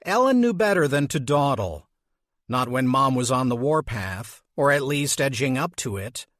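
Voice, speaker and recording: A man reading an audiobook as narrator, with slow, measured delivery. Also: mid-range voice, expressive, a bit bright, no room sound, clean studio sound. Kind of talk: scripted narration.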